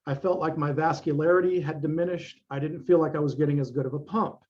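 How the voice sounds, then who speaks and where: A man's voice: fairly high pitch, steady tone, quick pace, darkish tone, lo-fi sound. A middle-aged man, a fitness coach guest, talking bluntly and emphatically in a casual interview, with plenty of swearing.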